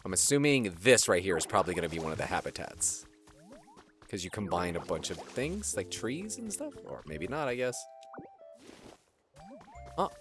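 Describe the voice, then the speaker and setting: A man's voice: low voice, very animated, normal speed, long pauses, over music. A man chatting casually while playing a game, laughing at himself, his throat strained. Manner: chatty, laughing, self-deprecating. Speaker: game streamer. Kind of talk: casual gameplay commentary.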